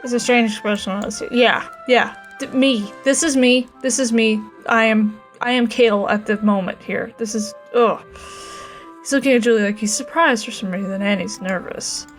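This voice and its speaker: A woman's voice: mid-range voice, fairly even intonation, normal speed, soft background music. A woman hosting a gaming show, reading a visual novel aloud with playful, sarcastic asides. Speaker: gaming host playing a story game.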